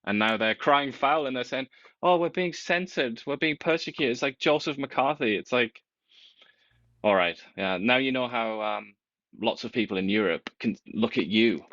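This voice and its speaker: A man riffing sarcastically in a casual political talk. His voice sits a little low but comes across bright and forceful. The sound is dry and a bit dull, like a lo-fi recording. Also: moderate pace, no echo. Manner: animated, sarcastic, laughs while talking. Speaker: commentator.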